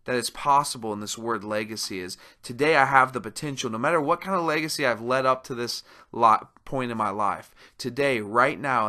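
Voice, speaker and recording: A man's voice: medium pitch, bright, forceful tone. A man presenting a motivational webinar, speaking earnestly and posing rhetorical questions to his listeners.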